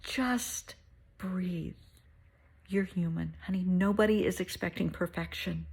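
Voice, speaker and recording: A middle-aged woman hosting a heartfelt pep talk, soothing and motherly, sometimes dropping to a soft whisper. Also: on the low side, steady tone, slow, creaky, husky. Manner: soothing, motherly, calls listener honey; drops to soft whispers at times. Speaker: host.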